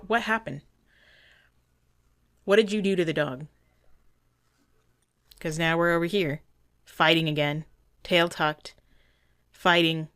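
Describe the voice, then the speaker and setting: A woman's voice: fairly low pitch, a bit bright, clean tone, no echo, clean studio sound. A woman dog trainer giving earnest, indignant commentary over a training video, often restarting her sentences.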